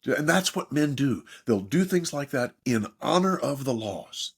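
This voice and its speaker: Husky and a bit creaky, this older man's mid-range voice moves at an unhurried pace. A therapist and author, he's a guest on a podcast, telling stories emphatically and imitating the people he quotes.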